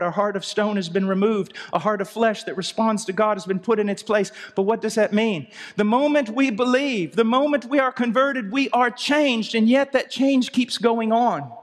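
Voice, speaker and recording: A man delivers a sermon in a high, urgent voice that climbs to near-shouts and drops to hushed, low lines. The sound carries a long reverb, as from a large church hall. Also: moderate pace, few pauses. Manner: impassioned, swinging from soft low asides to raised cries. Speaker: preacher.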